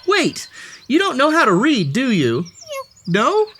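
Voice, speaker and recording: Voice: high voice, huge pitch swings, slow, over music. A storybook read-aloud host narrating a children's story with playful, theatrical flair and speaking directly to the story's cat.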